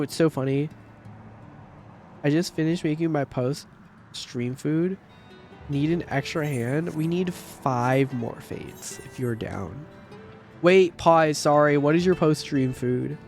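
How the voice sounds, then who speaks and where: A man in his thirties chatting casually on a game livestream, rambling and swearing, with sudden loud outbursts. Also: fairly high pitch, soft background music. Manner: profane, rambling, quick bursts of shouting. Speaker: streamer. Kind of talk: casual livestream chat while gaming.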